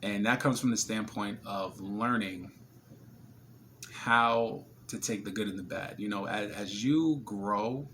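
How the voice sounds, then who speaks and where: Excitable young man from New Jersey. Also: on the low side, takes it slowly, a little hiss or hum. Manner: excitable, slangy, repeats words when worked up. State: voice strained from screaming. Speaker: vlogger. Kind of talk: casual video diary talk.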